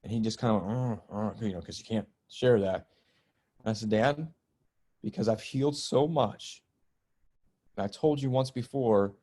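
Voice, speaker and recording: A man's voice: fairly low pitch, mellow. A middle-aged man, a spiritual teacher and healer, telling a personal story as a guest on a podcast interview, earnest and emotional, easing tension with jokes.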